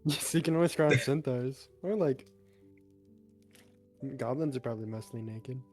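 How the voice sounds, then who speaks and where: A man teasing his friends with deadpan crude jokes during a tabletop game. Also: mid-range voice, normal speed, soft background music. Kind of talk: casual chat at a tabletop game.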